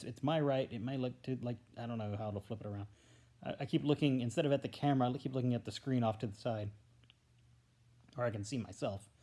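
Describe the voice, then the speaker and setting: A man's voice: lowish voice, warm tone. A man talking alone into a handheld tablet camera in a rambling, casual vlog. He is hesitant and stammers, with many fillers and trailing thoughts. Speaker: vlogger. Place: alone at home, indoors. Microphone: tablet held at arm's length.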